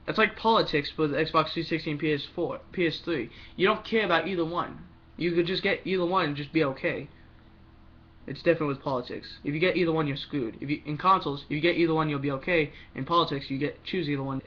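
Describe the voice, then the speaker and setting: On a muffled recording, a young man with a fairly high, somewhat bright voice rambles through his opinions about games in a vlog. His speech comes in quick bursts, and he keeps restarting sentences.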